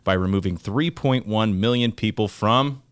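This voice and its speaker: A man co-hosting a talk show, reading the news in a steady, matter-of-fact way. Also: lowish voice, normal speed, smooth. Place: studio.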